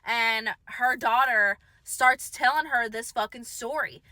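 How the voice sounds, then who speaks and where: A woman telling a ghost story casually, animated and profane, checking in with her listeners as she goes. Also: a little high, takes it slowly, dry recording.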